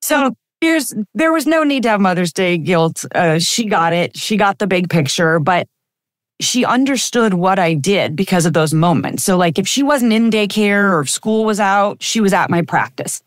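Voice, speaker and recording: A woman's voice: medium pitch, lively intonation, normal speed, no echo. A woman in her fifties, a chiropractor guest on a podcast, telling personal stories in a reflective, anecdotal way with frequent fillers. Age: 50s. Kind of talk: casual interview storytelling.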